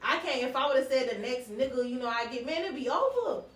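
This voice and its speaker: A woman's voice: high voice, expressive, fairly quick. A woman co-hosting a casual podcast chat, blunt and profane, talking over the others. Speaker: podcast co-host. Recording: echoey room, far from mic.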